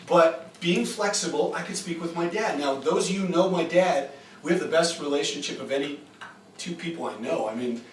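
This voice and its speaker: A man with a fairly high voice gives an informal lecture at a group retreat, mixing stories with points and asking "right?" often. He is captured from a distance in an echoey room with faint hiss underneath. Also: normal speed. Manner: animated, chatty, rhetorical "right?".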